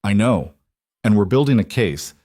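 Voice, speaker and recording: Guy playing a calm young cop in a story, official and measured, low voice. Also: no room sound, studio quality. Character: calm, careful young male police officer.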